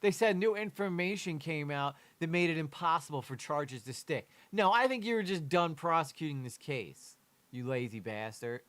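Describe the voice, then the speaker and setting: A man's voice: a little high, animated, normal speed, a bit bright. A young man, a streamer, reacting to a true crime video and talking candidly and emotionally about his daughter, swearing casually. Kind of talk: livestream reaction commentary.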